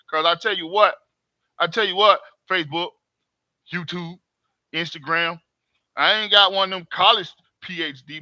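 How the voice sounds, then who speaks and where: Streaming live from home, a male host addresses his viewers in a high, bright voice. His emphatic, repetitive street talk keeps circling back to the same points. The sound is dry and close, with no room sound.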